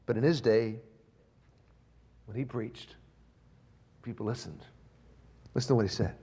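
A man preaching a sermon, swinging between raised, emphatic preaching and hushed, near-whispered lines, with slow, stressed lists. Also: medium pitch, husky. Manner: slow, emphatic delivery of lists and repeated phrases. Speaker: pastor.

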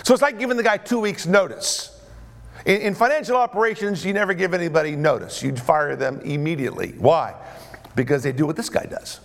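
A man preaching a sermon in an animated way, often checking in with his listeners. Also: on the high side, a little fast, vocal fry. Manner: animated, asks the audience questions.

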